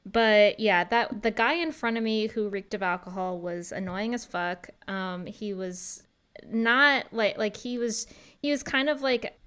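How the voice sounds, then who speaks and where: A woman speaking slowly and smoothly as she hosts a casual podcast chat. She talks with frequent fillers and easy asides. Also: mid-range voice, fairly bright tone. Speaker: podcast host.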